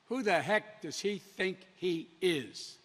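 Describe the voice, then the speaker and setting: A man's voice: high voice, animated, takes it slowly. A man giving a prepared political speech in an indignant, emphatic manner. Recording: long reverb with noise.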